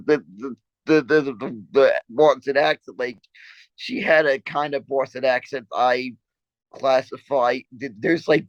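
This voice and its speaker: A man co-hosting a podcast, telling stories in a halting, rambling way with many repeated words and frequent laughs. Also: medium pitch, no echo, muffled recording. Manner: laughs often while talking. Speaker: podcast co-host. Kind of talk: casual chat.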